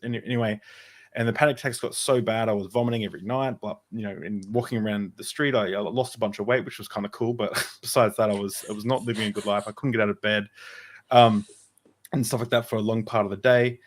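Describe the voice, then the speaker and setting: Guy on a podcast, kinda low voice, rambles and restarts a lot, chatty storytelling. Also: steady tone, quick pace. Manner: rambling, with many restarts and filler words. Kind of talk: casual storytelling.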